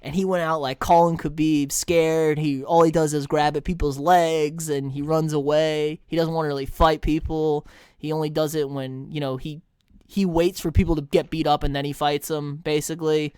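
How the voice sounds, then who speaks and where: A man co-hosting a sports podcast, retelling fights in an animated, chatty way with lots of fillers. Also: a little high, normal speed, clean tone, no echo, clean studio sound. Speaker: podcast co-host. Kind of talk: casual sports chat.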